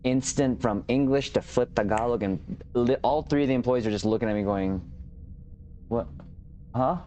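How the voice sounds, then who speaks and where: A man hosting a livestream chat, talking in a relaxed, conversational and reflective way. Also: medium pitch, fairly quick, faint music behind. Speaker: host.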